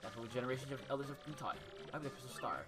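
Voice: mid-range voice, fairly even intonation, rapid-fire, close to an everyday voice. A woman voicing a cranky old elder creature who scolds and lectures in a bossy way, with game music playing behind. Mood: instructing.

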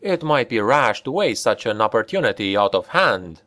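A man's voice: medium pitch, big pitch swings, moderate pace, a bit bright. A man playing a cruel, smug nobleman in an audiobook, speaking in a cold and imperious way. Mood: agreeable.

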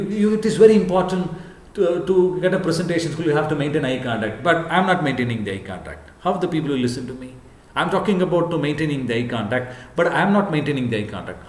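A male professor giving an earnest lecture to camera, repeating his points and often pausing on "what you call". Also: on the high side. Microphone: camera, speaking to camera. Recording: echoey room.

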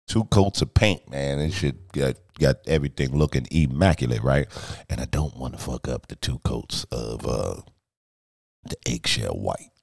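Speaking at a moderate pace in an extremely low, creaky voice with a darkish tone, a middle-aged streamer who directs music videos chats live from his home studio. There's no room sound; he's casual, boastful, and foul-mouthed, joking as he wanders between stories.

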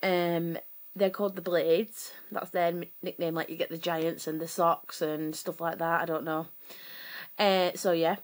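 Chatty woman, slightly low voice. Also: flat delivery, unhurried. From Sheffield, England. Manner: chatty, rambling, frequent fillers and self-corrections. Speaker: vlogger. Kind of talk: casual storytelling to camera.

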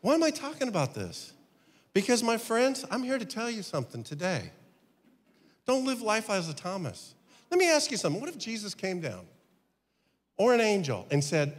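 Fifties male pastor, high lively voice, rhetorical sermon style, long church reverb. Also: moderate pace, long pauses. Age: 50s. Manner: rhetorical questions, emphatic preaching.

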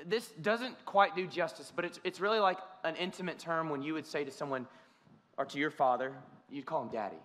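A male pastor gives a sermon in the sanctuary with a slightly high, fairly bright voice, earnest and conversational, frequently starting his sentences over. Church hall reverb surrounds him.

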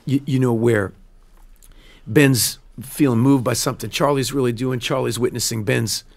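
A man, a film director, telling stories in a casual studio interview, earnest and animated, often restarting his sentences. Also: medium pitch, normal speed, vocal fry. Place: radio studio.

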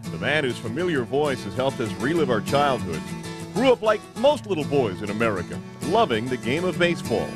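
A man narrating a documentary tribute in a measured, scripted delivery. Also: medium pitch, big pitch swings, music in the background.

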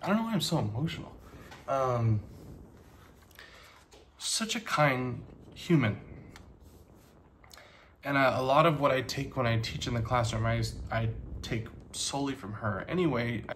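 A man in his thirties talking casually to the camera, halting with many pauses, earnest and grateful. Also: medium pitch, animated, slight background noise. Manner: halting, soft-spoken, many ums and pauses. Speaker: vlogger and teacher.

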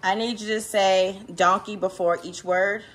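Excitable woman vlogger gushing. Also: mid-range voice, measured pace, a little hiss or hum. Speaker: vlog host. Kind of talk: casual family vlog chat.

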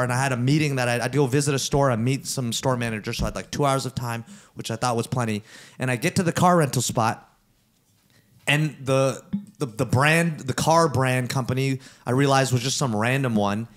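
A young man telling a story, laughing. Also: medium pitch. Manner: animated storytelling with swearing and laughs. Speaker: podcast co-host. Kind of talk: casual chat.

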